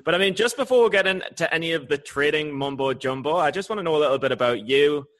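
A man hosting a casual interview, effusive, playful and quick to tease his guest. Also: fairly high pitch, fairly bright tone. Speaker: interview host.

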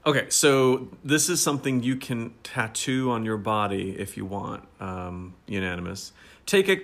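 A man chats as a podcast co-host, his voice in a middling pitch. He talks with easy enthusiasm, cracks jokes, and uses plenty of fillers like "like" and "you know.". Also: fairly even intonation, normal speed, a bit bright. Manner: chatty, enthusiastic, joking. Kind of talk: casual chat.

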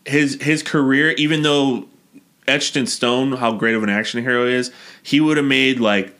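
A man's voice: medium pitch, fairly even intonation, moderate pace, a bit bright. A man co-hosting a casual movie-review chat who talks bluntly and profanely in long rambling runs. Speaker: podcast co-host.

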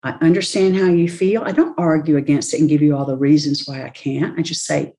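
A woman's voice: sits low, fairly even intonation, brisk, few pauses, mellow. A woman speaking as a leadership expert in an interview, talking animatedly, acting out quoted voices and laughing often. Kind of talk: conversational interview talk.

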